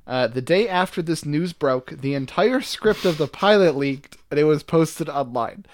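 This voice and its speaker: A man's voice: on the high side, expressive, normal speed, a little hiss or hum. A young man co-hosting a podcast, talking in a joking, rambling way with many fillers. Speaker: podcast co-host. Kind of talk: casual chat.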